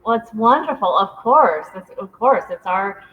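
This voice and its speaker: A woman hosting an interview, enthusiastic and warm, with many fillers. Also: medium pitch, expressive, normal speed. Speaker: interview host. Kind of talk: conversational interview. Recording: dull lo-fi sound.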